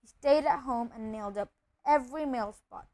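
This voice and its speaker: A woman's voice: a little high, moderate pace, dry recording, low-quality recording. Woman reading a storybook aloud. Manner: steady reading with occasional slips and restarts. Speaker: reader. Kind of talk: reading a children's novel aloud.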